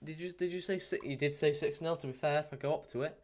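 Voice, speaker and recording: A man hosting a live football watchalong stream. He chats casually, reads out viewer comments with plenty of ums, and breaks into excited play-by-play. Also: a little high, quick pace. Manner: bursts into excited play-by-play at goals. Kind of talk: live match watchalong chat.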